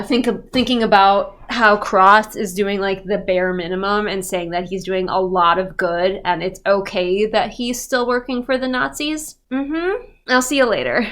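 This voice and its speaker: A congested woman giving a sarcastic recap of a novel, mocking the characters in put-on voices. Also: mid-range voice. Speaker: book reviewer. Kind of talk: sarcastic book recap commentary.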